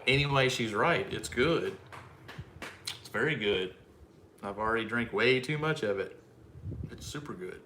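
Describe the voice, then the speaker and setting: A man's voice: medium pitch, lively intonation, unhurried, long pauses, bright, forceful tone. An easygoing man co-host who chats casually and chuckles as he rambles through a story. His voice bounces around an echoey room with a faint hiss under it. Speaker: homestead channel co-host. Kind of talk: casual chat.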